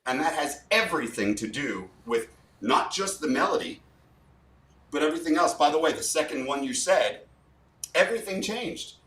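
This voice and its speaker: A man's voice: on the high side, expressive, normal speed, fairly bright tone. A man, a guest communication coach, explaining emphatically and repeating points for effect. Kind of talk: animated explanation with spoken demos. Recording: roomy sound, far from mic.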